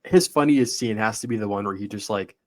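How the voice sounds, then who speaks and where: Low-voiced guy on a movie podcast, thinking out loud, lots of likes and ums. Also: brisk. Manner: thoughtful, hedging with many fillers. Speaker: podcast host. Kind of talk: casual movie podcast chat.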